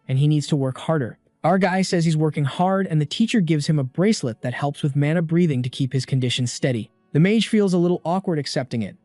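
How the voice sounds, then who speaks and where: A man narrates a comic recap in a casual, brisk storytelling manner. His voice sits a little high. It is recorded close and dry, with faint music underneath. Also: expressive, darkish tone, dry recording. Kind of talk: scripted narration.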